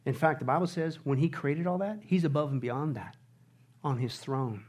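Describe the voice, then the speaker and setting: A middle-aged male pastor preaching a sermon, animated and often shouting on his high points. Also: moderate pace.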